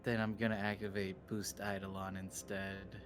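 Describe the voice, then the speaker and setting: A man playing a tabletop game, swearing often and asking quick questions. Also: deep voice, little pitch movement, music in the background. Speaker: player. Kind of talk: casual tabletop play.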